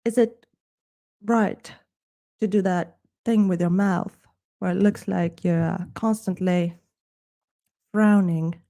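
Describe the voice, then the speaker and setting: A woman's voice: lowish voice, fairly even intonation, takes it slowly, pauses often, dark tone. A woman hosting a live art stream in casual chat, putting on a playfully snooty, self-mocking wannabe British accent. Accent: put-on wannabe British accent.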